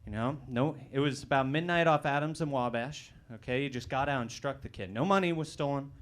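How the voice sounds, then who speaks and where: Young man doing a loud, punchy stand-up set. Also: medium pitch, a little fast. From Colorado. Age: 20s. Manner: loud, punchy delivery with bursts of shouting. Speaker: stand-up comedian. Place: comedy club stage.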